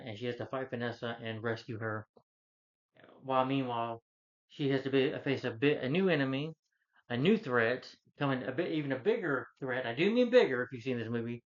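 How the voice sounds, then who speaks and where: A man giving a casual spoken film review, rambling and repeating himself as he recaps the plot with frequent restarts. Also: mid-range voice. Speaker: movie reviewer. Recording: slightly dull, lo-fi recording.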